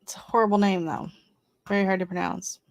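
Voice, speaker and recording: Here a non-Canadian woman chats casually on her gardening livestream, reading out seed listings and responding to them. Her mid-range voice is fairly quick with vocal fry and little pitch movement, in a dry, clean studio recording.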